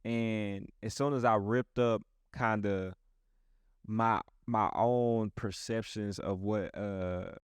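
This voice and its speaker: A man's voice: on the low side, fairly even intonation, takes it slowly, smooth, no room sound. A man who is a pastor, talking earnestly and casually in a rambling way with many restarts. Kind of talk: casual podcast chat.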